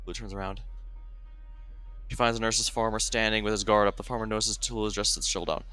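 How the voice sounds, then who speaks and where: Brisk, bright-voiced male streamer. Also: fairly low pitch, steady tone, soft background music. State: tired voice. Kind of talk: narrating and commenting on a game story.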